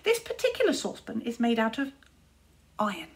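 Brief: scheming young wizard boy, as a teacher reads him, quick and sly. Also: on the high side, huge pitch swings. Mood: crafty. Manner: crafty, impatient. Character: crafty thirteen-year-old boy wizard.

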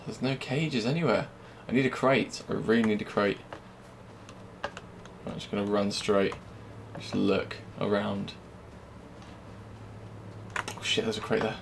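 A young man giving live gameplay commentary, swearing constantly and swinging from low muttering to loud yelling. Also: steady tone, a little slow, vocal fry, pauses often, noisy background. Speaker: gamer. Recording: game music playing under the voice.

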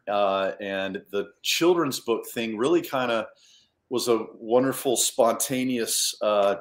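A man's voice: lowish voice, echoey room. A man, a children's author and illustrator, talking casually and self-deprecatingly at a storytime. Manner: chatty, self-deprecating, rambling.

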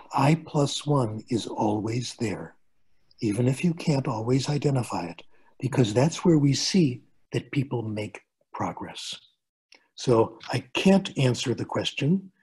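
Older male professor on a webinar: husky, conversational, fond of jokes and everyday examples. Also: medium pitch, darkish tone. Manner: chatty, joking asides, plain examples. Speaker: guest speaker, linguistics professor. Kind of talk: webinar lecture answering questions. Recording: video call.

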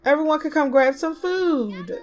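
A woman's voice: high voice, big pitch swings, a little slow, a little hiss or hum. Chatty woman narrating a life-sim game. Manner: chatty, talks to the game characters, slips into Southern US slang. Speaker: gaming YouTuber. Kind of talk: casual let's-play commentary.

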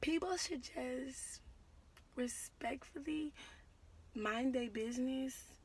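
A young woman telling a story on her vlog, slangy and rambling, getting loud and heated as she goes. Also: sits high, slow pace, breathy edge. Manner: animated and loud, builds to shouting in quoted exchanges. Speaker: vlogger.

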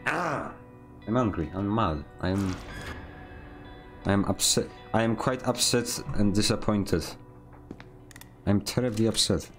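A man's voice: on the low side, a little slow, long pauses, soft background music. A man streaming a video game, chatting casually with playful, mock-dramatic complaints and outbursts. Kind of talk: casual gaming commentary.

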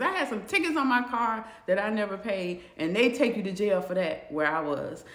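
A young woman casually telling a personal story to camera, animated and jumping high when she acts out her own shock. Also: brisk, hardly any pauses. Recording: echoey room.

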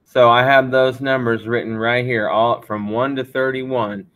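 A male teacher walks learners through a beginner language lesson at an unhurried pace. His pitch sits mid-range, and he often repeats or restarts a phrase to make a point clear. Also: level tone, a bit bright. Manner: slow, deliberate counting. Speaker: Spanish teacher. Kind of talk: classroom lesson.

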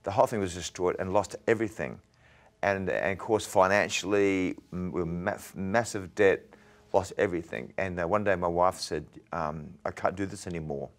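A man, an evangelist, giving an earnest, halting testimony in an interview, often repeating words as he talks. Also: sits low. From Australia. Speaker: evangelist guest.

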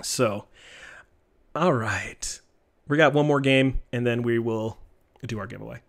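A man casually commenting on his live-streamed card game, joking and teasing in an animated way. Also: mid-range voice, unhurried, creaky. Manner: animated, joking, trash-talking.

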